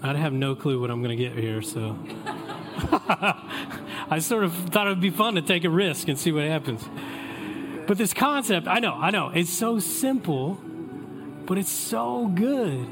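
A man preaching a Christmas Eve sermon as pastor, in a relaxed, conversational way that invites the congregation in. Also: a little high, measured pace, long pauses, over music.

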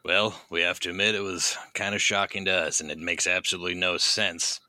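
A man playing a smooth-talking adventurer who tries to win people over in a tabletop game. The voice is very low with a hard, bright bite. It sounds dry and close. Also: flat delivery, fairly quick, no echo. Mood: persuasive.

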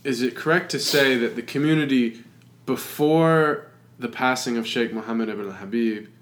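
A man hosting an interview, giving soft backchannels and thinking aloud as he builds a question. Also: mid-range voice, moderate pace.

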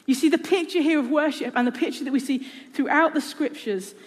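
A woman's voice: high voice, brisk. Chatty British woman preaching in a hall. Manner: chatty, conversational with fillers. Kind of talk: sermon. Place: church hall. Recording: echoey hall.

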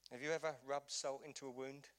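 A man's voice: medium pitch, little pitch movement, fast, fairly bright tone. A man preaching a sermon as pastor in a church, urging his listeners with rhetorical questions and passionate appeals.

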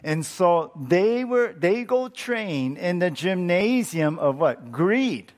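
A man pastor teaching through a Bible passage in a conversational, animated way, with frequent restarts. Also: sits high, slow. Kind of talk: expository Bible teaching sermon.

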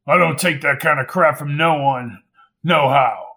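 A man reading an audiobook, voicing a short, brash young troublemaker who talks loud and boastful, as if through an overloaded speaker. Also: a little high, a little slow. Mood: belligerent. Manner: boastful, belligerent, mouthing off.

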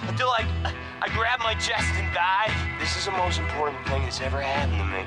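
A man playing an exasperated band guy over loud music. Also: sits high, brisk, close to an everyday voice. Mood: ranting. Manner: defensive, escalating rants. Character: exasperated grown man, a frustrated band member. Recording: loud music behind the skit.

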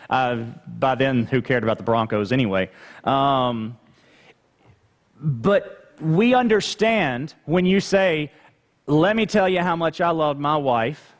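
Man, pastor, unhurried sermon delivery, slightly high voice, church reverb. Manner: conversational preaching with rhetorical questions and asides. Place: church sanctuary. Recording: long hall reverb.

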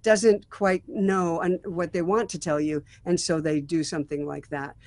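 A woman's voice: fairly low pitch, steady tone, normal speed, a little mellow, no room sound. Woman, songwriting mentor, thoughtful, restarts often, dry sound. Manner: thoughtful, frequent restarts and fillers. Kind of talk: critiquing a song draft.

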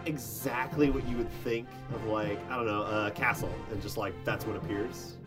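A man's voice: fairly low pitch, fairly even intonation, moderate pace, over music. A man narrating as game master of a tabletop game, describing scenes in rambling, filler-heavy speech.

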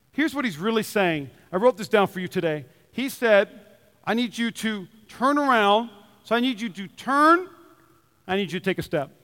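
A man's voice: very high voice, pushed and bright. A man preaching a sermon in a church, passionate and emphatic, repeating his key phrases and getting worked up. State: sweaty. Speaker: pastor. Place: church sanctuary. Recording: long church hall reverb.

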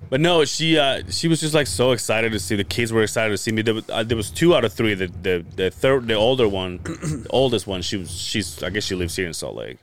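Speaking fairly quickly in an animated, lowish voice, a man hosting a podcast tells a long, meandering story, cursing freely and using plenty of fillers. A little hiss or hum sits under the audio.

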